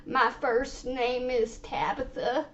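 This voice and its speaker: A woman on a prank phone call, telling her story in a slow, halting, stammering way. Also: high voice, steady tone. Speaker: prank caller posing as a frail lady.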